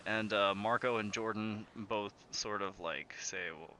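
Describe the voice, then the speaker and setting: Slow, low-voiced game master. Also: male voice, slight background noise. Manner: relaxed, filler-heavy narration. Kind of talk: narrating a tabletop game.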